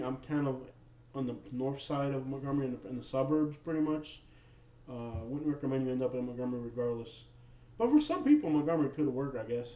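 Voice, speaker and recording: A man with a slight New York-tinged accent hosting a casual livestream chat, rambling in a relaxed way with lots of fillers and restarts. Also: mid-range voice. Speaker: livestream host. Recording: roomy echo.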